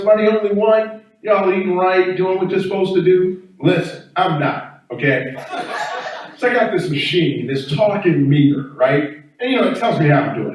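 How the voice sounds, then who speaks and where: A man doing a stand-up set, chatty and animated with the crowd. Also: high voice. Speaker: stand-up comedian. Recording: echoey room from far off.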